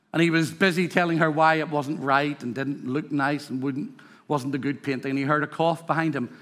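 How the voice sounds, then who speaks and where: A man's voice: a little high, fairly bright tone. A man with a Northern Irish accent preaching a sermon to a congregation, emphatic and rhythmic, with humorous asides. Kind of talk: sermon with storytelling. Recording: reverberant hall.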